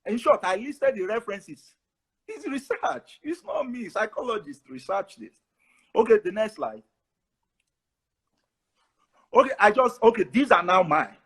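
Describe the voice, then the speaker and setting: Male professor, husky voice, lively swings, repeats himself. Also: sits high, normal speed. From Nigeria. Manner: animated, repetitive, laughs often. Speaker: professor giving advice. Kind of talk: casual advice talk.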